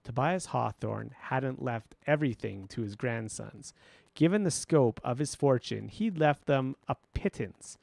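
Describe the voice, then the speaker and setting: A man narrating an audiobook in a steady first-person storytelling voice. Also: medium pitch, unhurried, gravelly, no room sound.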